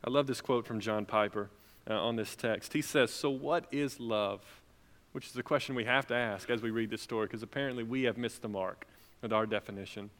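A young adult man preaching a sermon as pastor, swinging between loud, emphatic lines and soft, quiet ones. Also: on the low side, steady tone, quick pace. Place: church sanctuary. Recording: long reverb of a large hall.

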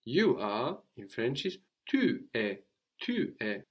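A man teaching French to a student, explaining slowly and repeating phrases for her to copy. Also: medium pitch, big pitch swings, highs cut off. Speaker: language teacher.

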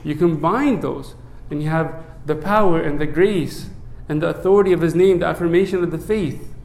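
A man who is a priest, preaching a sermon in an earnest way, often checking in with "right?" and dropping low and soft when he recites a prayer. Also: normal speed, creaky, roomy sound. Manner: earnest, asks many rhetorical "right?" checks.

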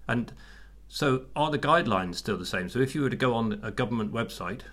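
A man's voice: medium pitch, expressive, a little fast, fairly bright tone. A middle-aged man co-hosting a podcast, chatting casually with frequent restarts. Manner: chatty, hesitant with many restarts. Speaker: podcast co-host. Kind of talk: casual chat.

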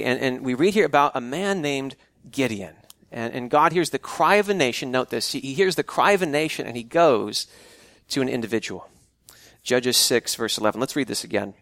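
A man preaching a casual, conversational sermon, with a voice sitting a little higher than most men's. He often restarts his phrases as he talks. The sound is dry and close, with no room echo. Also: a bit bright. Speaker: pastor.

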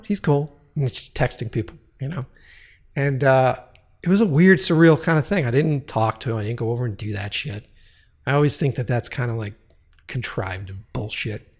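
A man's voice: mid-range voice, fairly quick. A man telling a long casual story, profane and rambling, with frequent restarts.

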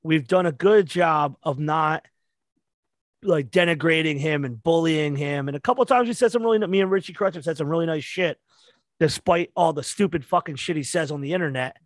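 A man's voice: a little high, fairly quick, no echo. Podcast host man, dry close sound. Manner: loose questions with fillers and swearing. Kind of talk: casual podcast interview.

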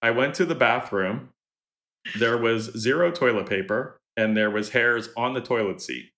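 A man co-hosting a gaming podcast, telling a travel story in a relaxed, hesitant way with many fillers. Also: mid-range voice, normal speed. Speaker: podcast co-host. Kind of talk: casual storytelling.

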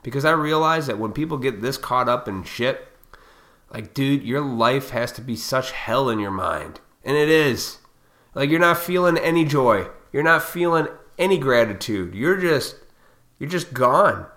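A man with a bright, forceful voice rants straight at his audience. He is blunt and profane, and he lectures them with heated intensity. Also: medium pitch, animated, measured pace. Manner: heated, fired up. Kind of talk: ranting monologue to viewers.

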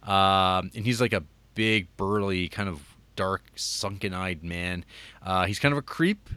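Low-voiced male co-host, relaxed film recap, dry close sound. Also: measured pace, smooth, no room sound. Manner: rambling, filler-heavy recap. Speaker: podcast co-host. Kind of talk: casual film chat.

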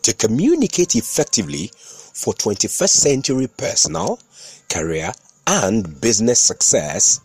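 A man's voice: mid-range voice, huge pitch swings, normal speed, a little mellow, husky, dry recording. A man hosting a podcast, narrating a story in an instructive, storytelling manner. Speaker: podcast host and communication consultant.

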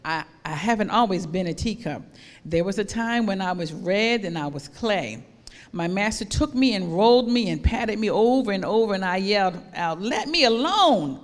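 A woman's voice: medium pitch, lively intonation, moderate pace, close to an everyday voice. Talking teacup, pleading and dramatic, in a reverberant hall, read by a woman preacher. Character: suffering talking teacup, once clay.

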